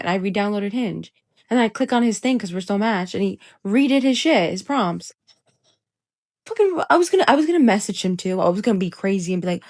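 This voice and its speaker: A young woman ranting casually about dating, swearing and mimicking others in a mocking high voice. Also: brisk. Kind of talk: casual vlog rant.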